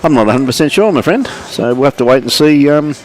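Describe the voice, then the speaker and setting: A man's voice: medium pitch, lively intonation, quick pace, darkish tone. Chatty Australian bowls commentator man. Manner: chatty, greets viewers by name, calls everyone mate. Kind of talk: live sports commentary. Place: at a bowls club venue.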